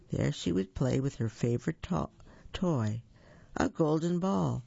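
A man's voice: a little high, vocal fry, darkish tone, breathy edge, dry recording. A man reading storybooks aloud for children in a friendly way, correcting his slips aloud. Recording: dull lo-fi recording.

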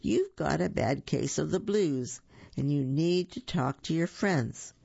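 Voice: mid-range voice, expressive, a little slow, creaky, dark tone, husky, no echo, exaggerated voice. A storyteller voicing a bouncy, friendly female squirrel with a chirpy, eager manner, in a dull, dry recording. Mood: coaxing.

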